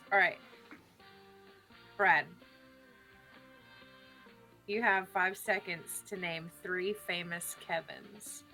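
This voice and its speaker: Bright-voiced woman hosting a party game. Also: lowish voice, steady tone, very slow, pauses often, faint music behind. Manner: playful, teasing. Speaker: podcast co-host running a game. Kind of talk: casual chat.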